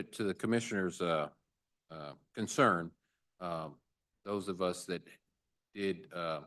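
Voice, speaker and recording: A man serving as mayor, chairing a public budget meeting, halting and with jokey banter. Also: sits low, a bit bright. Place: government meeting chamber.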